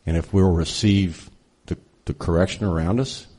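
A man sharing a relaxed, rambling story in an informal sermon at church. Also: low voice, moderate pace. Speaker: church worship leader.

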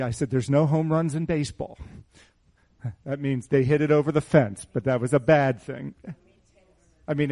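Middle-aged male pastor, slightly high voice, animated sermon full of rhetorical questions to a small congregation. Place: small church hall.

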